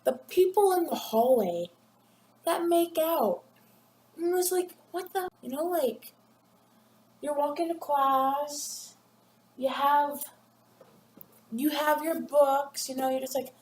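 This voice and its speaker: A teenage girl rambling and giggling through a casual vlog, acting out classmates in quick voices. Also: high voice, a little mellow, slight background noise. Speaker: vlogger. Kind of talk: casual chat to camera. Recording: echoey room with faint ambience.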